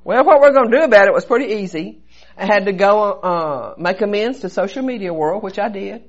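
A woman's voice: mid-range voice, expressive, quick pace, gravelly. A woman giving an earnest personal testimony at a recovery meeting, telling her story with lots of repetition. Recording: dull lo-fi recording.

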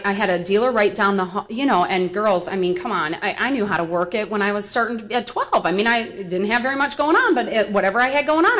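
Woman, Midwest-raised, recovery share, humorous, candid, lots of fillers, muffled lo-fi recording. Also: on the high side. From Milwaukee, US Midwest. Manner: frank, humorous, rambling with many fillers. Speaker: speaker sharing at a recovery meeting. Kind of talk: personal testimony, casual storytelling. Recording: dull lo-fi recording.

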